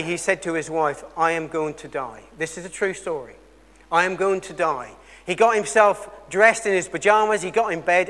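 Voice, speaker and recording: High male preacher, earnest sermon storyteller, swings between loud and hushed, long church reverb. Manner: earnest storytelling, shifting between loud emphasis and quiet intensity.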